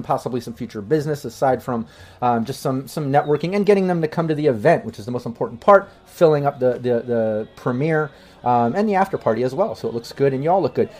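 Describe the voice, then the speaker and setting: A man's voice: mid-range voice, mellow. A man narrating as game master of a streamed tabletop role-play, talking loosely with many fillers and restarts.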